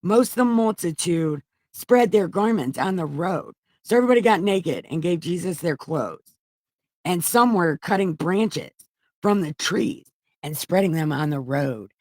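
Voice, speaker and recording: For comedy, a woman reads scripture aloud, breaking into profane, mocking asides and interrupting herself in a loose delivery. Her lowish voice is expressive and darkish, at a measured pace. The sound is clean studio audio with no echo.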